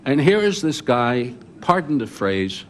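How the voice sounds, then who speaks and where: An older man on a journalists' panel, recounting his reporting memories as an animated storyteller who often restarts his sentences. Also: medium pitch, unhurried, a little hiss or hum. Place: conference hall.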